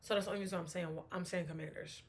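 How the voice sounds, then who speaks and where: A woman's voice: on the low side, fairly even intonation, rapid-fire, slight background noise. A woman hosting a casual solo sports talk show, chatting and thinking aloud, often restarting her sentences.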